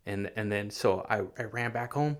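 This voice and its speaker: A man telling a personal faith story in casual chat, earnest and halting, often repeating his words. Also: fairly low pitch. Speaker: guest sharing testimony.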